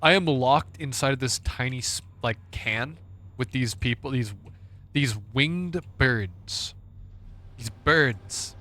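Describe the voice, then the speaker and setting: Speaking slowly in a sharp-toned, medium-pitched voice, a man chats while streaming a game. The commentary is casual and sarcastic, directed at himself and viewers, with frequent laughter and swearing.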